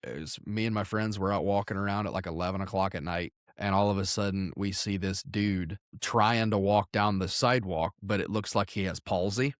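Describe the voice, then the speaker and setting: A man's voice: deep voice, steady tone, brisk, few pauses, no echo, studio quality. A man chatting on a podcast, telling crude stories in a rambling way and correcting himself as he goes. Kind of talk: casual podcast chat.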